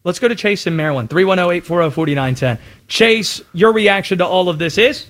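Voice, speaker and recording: A man's voice: high-pitched, lively intonation, brisk, a bit bright. A man hosting a sports radio show, pushing back hard, cutting in and handing off to callers. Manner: pushes back, cuts in, hands off to callers. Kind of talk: heated sports talk debate.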